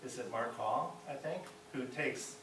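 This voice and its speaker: A man's voice: mid-range voice, a little slow, noisy background. A middle-aged man from Chicago giving a classroom lecture as a guest speaker, often checking in with his listeners by asking "right?". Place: college classroom. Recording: echoey room, mic far off.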